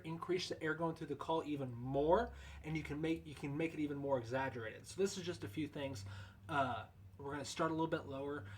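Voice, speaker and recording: A man's voice: fairly high pitch, a bit bright, slight background noise. Casual man explaining goose calls. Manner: loose, conversational, folksy. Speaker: goose-call instructor. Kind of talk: casual instructional video.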